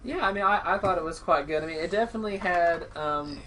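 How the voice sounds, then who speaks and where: Bright-voiced man, far from the mic. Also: sits high, quick pace, slight background noise. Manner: thoughtful, hedging with fillers. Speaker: podcast co-host. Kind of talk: casual chat. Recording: distant from the mic.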